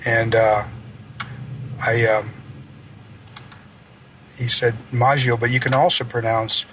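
A man hosting a live radio show, introducing a guest in a halting, rambling way. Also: medium pitch, level tone, fairly bright tone, slight background noise, rough recording. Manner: halting, rambling, full of fillers and restarts.

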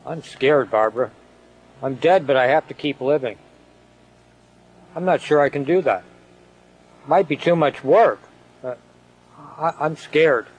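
A man voicing a young male soldier writing home to his sister, halting and frightened. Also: fairly high pitch, husky, low-quality recording.

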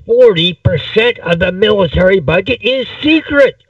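A hooded prisoner hisses his conspiracies in a raised, gravelly voice, as a male reader puts him on. The sound is dull and set back from the microphone, with a husky edge. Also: high voice, lively intonation, moderate pace, no room sound, far from the mic, pitched above the performer's own voice, exaggerated voice. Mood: conspiratorial. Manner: hissing, conspiratorial.

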